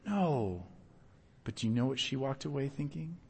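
A man preaching a sermon as pastor, telling personal stories in an earnest, animated way with bursts of loud emphasis. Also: medium pitch, normal speed, vocal fry, breathy edge. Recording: long hall reverb.

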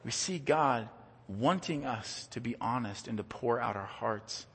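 A man's voice: medium pitch, unhurried, fairly bright tone, husky. A man preaching a sermon as a pastor in a church, earnest and conversational, often repeating words as he goes. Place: church sanctuary. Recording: long church reverb.

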